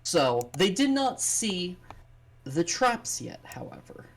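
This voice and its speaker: This is a game master narrating a tabletop battle on a live stream. The narration is slow and deliberate, with frequent fillers. The voice sits in a middle pitch. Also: sing-song, vocal fry.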